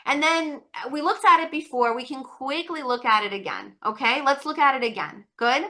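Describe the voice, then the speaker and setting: A woman tutor leading an online test-prep webinar, coaxing students with encouraging, repetitive questions and quick asides. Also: high-pitched, animated, sharp tone. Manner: rapid asides, many fillers.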